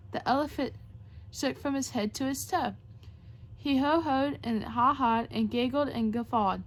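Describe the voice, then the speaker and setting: Expressive high-voiced woman reading a storybook. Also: a little slow. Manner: expressive, rhythmic rhyming delivery. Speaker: storybook reader, show host. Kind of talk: reading a children's picture book aloud.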